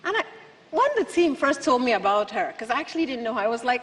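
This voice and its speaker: A woman gives a punchy, rhetorical keynote speech in a large conference hall, leaning on lots of repetition. Her voice is a little high, fairly bright, animated and fast, and the PA adds hall reverb.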